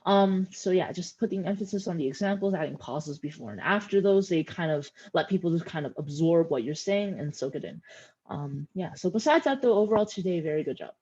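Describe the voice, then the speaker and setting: Woman judge giving chill feedback, husky mellow voice, muffled call audio. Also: fairly low pitch, brisk. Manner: relaxed, advice-giving, many fillers. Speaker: speech tournament judge. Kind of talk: casual spoken feedback.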